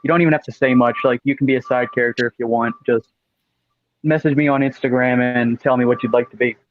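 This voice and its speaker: A man asking casual questions as a guest on a stream call, quick and eager. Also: medium pitch, fairly even intonation, phone-quality sound, slight background noise. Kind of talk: casual chat.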